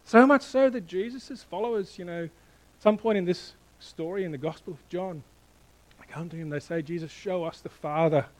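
A middle-aged man preaching a sermon, animated and playful, quizzing the congregation and then dropping to a hushed tone for emphasis. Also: high-pitched, normal speed, poor audio. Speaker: pastor.

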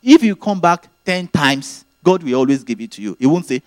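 A male preacher delivers a sermon in an earnest teaching manner, circling back to his main phrases. His pitch moves in a lively way. The sound is dry and close. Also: moderate pace, no echo.

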